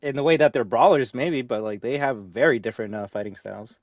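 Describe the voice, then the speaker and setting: A young man live-streaming a fighting game, chatting casually with viewers, excitable and swearing often. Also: medium pitch, fast, no room sound, recorded from a distance, muffled recording. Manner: excitable, swears often, reads chat aloud. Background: game music.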